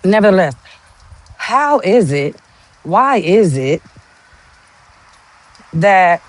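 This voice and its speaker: A woman's voice: medium pitch, sing-song, very slow, no echo. A woman hosting a podcast, talking bluntly in a casual monologue full of rhetorical questions. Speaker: podcast host.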